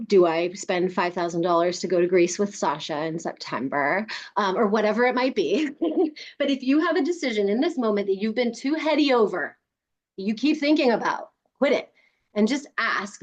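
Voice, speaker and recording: Woman coaching a group through an exercise. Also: mid-range voice. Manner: warm, coaching, laughs often. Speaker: workshop leader. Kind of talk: guided exercise talk.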